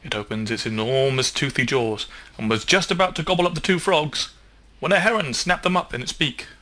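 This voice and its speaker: Bright-voiced man reading a storybook. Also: mid-range voice. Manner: clear, measured storytelling. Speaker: storybook reader. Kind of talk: children's story read-aloud.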